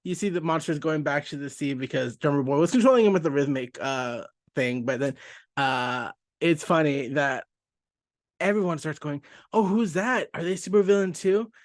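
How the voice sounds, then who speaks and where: A chatty man walks through a comic page by page, often breaking off mid-sentence and laughing along the way. His voice sits a little high. The sound is dry and close, with no room echo. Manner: chatty, self-interrupting, quick to laugh. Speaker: comic book podcast host. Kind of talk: casual comic review.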